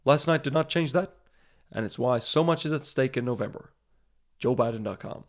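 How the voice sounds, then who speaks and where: A man's voice: mid-range voice, normal speed, lightly acted. A man doing an impression of a formal American statesman, reading out a statement in a put-on American accent. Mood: solemn. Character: measured American male statesman.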